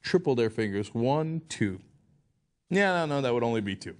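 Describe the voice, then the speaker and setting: A man's voice: a little high, expressive, fairly quick. A man hosting a satirical political commentary show, sarcastic and mocking, laughing at his own jokes.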